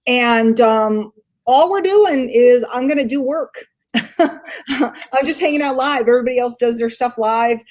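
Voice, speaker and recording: A woman hosting a casual live stream. She chats and thinks out loud, with lots of ums. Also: fairly high pitch, measured pace. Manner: chatty, thinks aloud with many fillers. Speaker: host.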